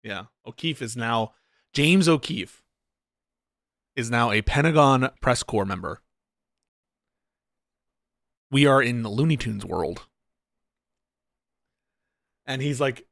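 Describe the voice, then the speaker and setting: A man's voice: lively intonation, slow pace, creaky, pauses often, a bit bright, no echo. Sarcastic, swearing male commentator reacting on stream; mid voice, dead dry. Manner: sarcastic, profane ranting; mocks others in shrill put-on voices.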